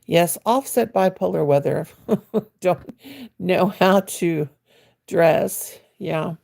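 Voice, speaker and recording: An older woman talking casually to her livestream viewers from her armchair at home. Her voice is deep, gravelly and husky, with a dark, mellow tone. She chats in a folksy way and answers comments as they come in. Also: extremely slow. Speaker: crochet livestream host. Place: at home, sitting in her chair.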